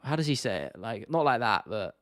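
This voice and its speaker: A man's voice: mid-range voice, very animated, brisk, a bit bright, no room sound, clean studio sound. Laid-back young man. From United Kingdom. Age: 20s. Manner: laid-back, sweary, laughs often. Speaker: livestream host. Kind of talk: casual livestream Q&A.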